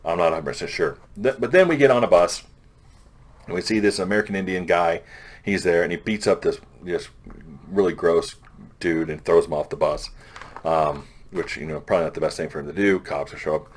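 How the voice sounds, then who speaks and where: Casual comic reviewer, deep male voice, loose offhand retelling full of restarts. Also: a little fast. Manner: loose, rambling plot recap with frequent restarts; paraphrases characters in a plain offhand voice. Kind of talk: casual chat.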